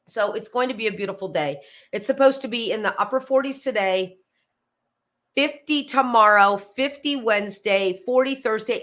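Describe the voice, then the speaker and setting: A woman's voice: a little high, fairly bright tone. A woman chats to her live-stream viewers from home. Her talk is casual and friendly. She drifts off on small tangents before getting to the point. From Pennsylvania, USA. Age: 50s. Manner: chatty, friendly, greets viewers by name, goes off on tangents. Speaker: host of a live decluttering stream. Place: home, indoors.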